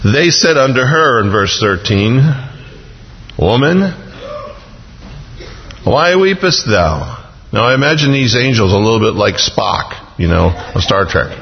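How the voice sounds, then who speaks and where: A man's voice: lowish voice, lively intonation, moderate pace, creaky, hardly any pauses, a little hiss or hum. A man preaching a sermon, dramatically acting out biblical scenes with touches of humor. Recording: dull lo-fi recording with long reverb.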